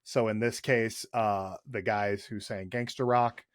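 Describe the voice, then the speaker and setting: A man's voice: lowish voice, fairly even intonation, unhurried, dry recording, studio quality. A man hosting a podcast in casual chat, jokey and enthusiastic, with loose, rambling sentences. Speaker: podcast host.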